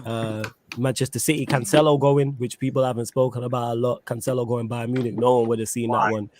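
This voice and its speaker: A man hosting a casual live-stream chat, quick and chatty. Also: medium pitch, flat delivery, a little mellow, slight background noise. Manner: quick, chatty, laughs often. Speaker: host.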